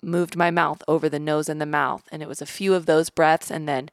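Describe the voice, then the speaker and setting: A woman guest on a podcast, telling a personal story in an animated way and acting out the voices of the people in it. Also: low voice, a little fast, no room sound, studio quality. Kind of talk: casual storytelling interview.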